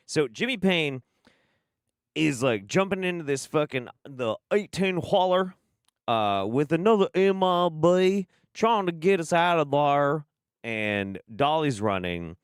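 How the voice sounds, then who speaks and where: A young adult man hosting a stream, reacting in animated casual commentary, swearing and laughing often. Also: a little high, measured pace, smooth, no room sound, clean studio sound. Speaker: streamer host.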